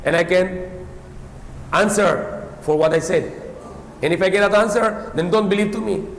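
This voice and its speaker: High-voiced man preaching in an echoey hall. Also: normal speed, gravelly, slight background noise. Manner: emphatic, repeats points, non-native English with some Tagalog. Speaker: Islamic preacher. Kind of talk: sermon lecture.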